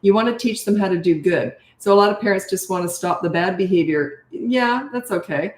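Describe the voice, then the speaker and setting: A woman's voice: mid-range voice, fairly quick. A middle-aged woman, a parenting coach, answering viewer questions in a blunt, direct way and often adding "okay?" or "right?". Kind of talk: live Q&A, answering viewer comments. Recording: roomy echo.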